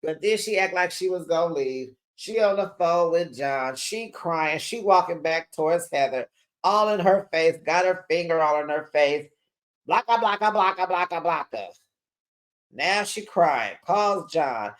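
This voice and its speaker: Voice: mid-range voice, animated, a little slow. A reality TV recap host giving a gossipy monologue, sassy and dramatic, acting out quotes and calling viewers besties.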